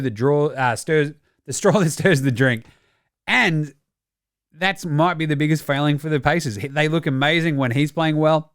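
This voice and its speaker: A man's voice: fairly high pitch, smooth, no echo, clean studio sound. Sarcastic man ranting about basketball. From Australia. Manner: sarcastic, swears freely, acts out mock quotes. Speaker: podcast host. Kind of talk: casual sports commentary.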